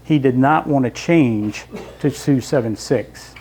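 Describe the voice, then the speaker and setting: A man's voice: medium pitch, unhurried, darkish tone, a little hiss or hum. Man giving a slide lecture. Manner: conversational, explains step by step with asides to the audience. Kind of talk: public history lecture with slides. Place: library lecture room.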